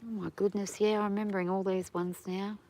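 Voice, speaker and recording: A woman's voice: medium pitch, level tone, brisk, warm tone. A middle-aged Australian woman chatting casually on a farm livestream, rambling and laughing easily, a bit stuffy from hay fever.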